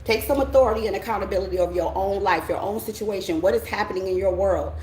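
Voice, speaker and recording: A woman's voice: mid-range voice, quick pace, darkish tone, reverberant, slight background noise, rough recording. A middle-aged American woman giving a blunt, emphatic spiritual pep talk as a tarot reader, often checking in with her listeners.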